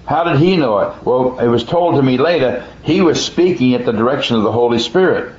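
A man tells a personal testimony in a plainspoken, folksy way, earnest and emphatic, stumbling over and restarting his words. His voice sits at an ordinary middle pitch. The recording is dull and muffled, with a noticeable echo from the room. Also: lively intonation, a little fast, a little mellow.

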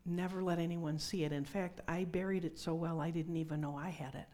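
A woman's voice: fairly low pitch, steady tone, fairly quick, darkish tone. A middle-aged woman preaching a conversational sermon with personal testimony, dropping to whispers for emphasis.

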